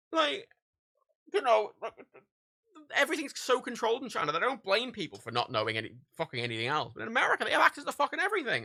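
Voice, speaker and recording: A man's voice: high-pitched, creaky, bright, forceful tone, breathy edge, no room sound, studio quality. A man chatting casually on a livestream while packing orders, ranting with heavy swearing and frequent laughter. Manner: profane, ranting, laughs often.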